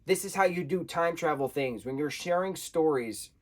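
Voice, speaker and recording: Excitable man reviewing a show. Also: on the high side, moderate pace. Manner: excitable, animated, repeats slang like "bro" and "wild". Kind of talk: casual review monologue.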